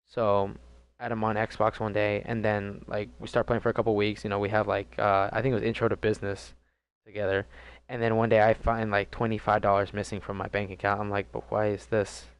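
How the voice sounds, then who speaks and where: Low, smooth young man telling a story. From DC, Maryland and Virginia area. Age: young adult. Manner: casual, rambling, profane, with many fillers and restarts. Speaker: gaming vlogger. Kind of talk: storytime vlog.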